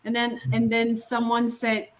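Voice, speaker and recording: A woman's voice: a little high, completely flat delivery, a little slow. A woman who speaks English as a second language, sharing her thoughts earnestly on a video call, often repeating words as she goes. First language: not English. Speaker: summit participant, parent. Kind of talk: casual online panel chat.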